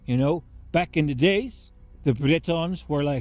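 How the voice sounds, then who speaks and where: A man delivering a profane, mocking political rant, swinging between loud outbursts and low muttering. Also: animated, takes it slowly, dry recording, dull audio, faint music behind. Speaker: political commentator. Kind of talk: ranting monologue. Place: Germany.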